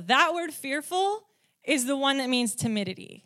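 A woman preaching a sermon who asks her audience questions and grows lively, rising in pitch and volume, when she tells stories. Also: moderate pace.

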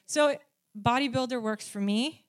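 In a voice on the high side and a little slow, a Christian speaker offers a casual lesson on faith. Her conversational delivery is filled with "like" and "um," and she often checks in with "right?" or "okay?"

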